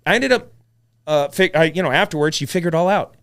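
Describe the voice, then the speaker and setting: A man guesting on a podcast with a slightly raised pitch. He tells his story bluntly and with energy, dropping curse words as he goes. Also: fast, smooth. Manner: blunt, swears freely, animated retelling. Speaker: podcast guest, real estate investor. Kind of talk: casual storytelling chat.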